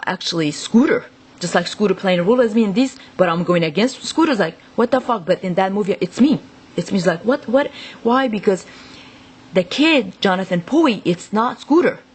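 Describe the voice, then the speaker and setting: A woman's voice: fairly low pitch, darkish tone, slight background noise. A woman talking straight to the camera in a rambling, agitated monologue full of swearing. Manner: profane, rambling, agitated ranting. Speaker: vlogger.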